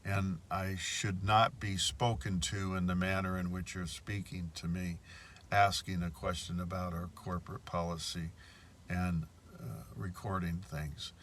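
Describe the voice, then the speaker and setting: A man's voice: low-pitched, little pitch movement, a little slow, a bit bright, slight background noise. A man quoting an arrogant, hostile male bank manager in a haughty, dismissive tone.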